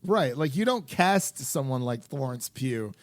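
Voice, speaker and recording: A young man co-hosting a film podcast, talking in an animated, rambling way with lots of restarts and fillers. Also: medium pitch, a little slow, no echo. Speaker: podcast co-host. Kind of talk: casual chat.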